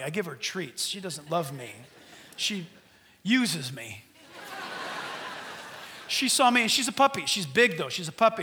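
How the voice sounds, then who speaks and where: A middle-aged man preaching a sermon as pastor, animated, swinging from loud peaks to hushed asides. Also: high-pitched.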